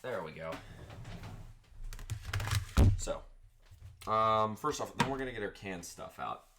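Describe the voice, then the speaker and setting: A man's voice: on the low side, animated, slow, heavy background noise. A man hosting his own vlog, chatting casually while he cooks in a home kitchen, rambling through asides. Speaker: vlogger host. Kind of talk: casual cooking chat.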